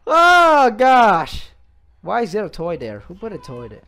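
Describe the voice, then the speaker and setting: A man's voice: high-pitched, big pitch swings, normal speed, gravelly. A man commentating a horror game playthrough, jumpy and easily startled, gasping, yelping and laughing nervously as he plays. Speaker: let's play gamer.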